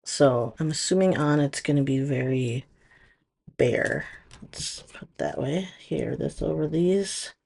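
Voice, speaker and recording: A woman talks through a nail product demo at an unhurried, slow pace. Her voice has a gravelly, creaky edge, and she chats and thinks aloud as she works with her hands. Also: low voice, a little mellow, a little hiss or hum. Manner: chatty, thinking aloud while working.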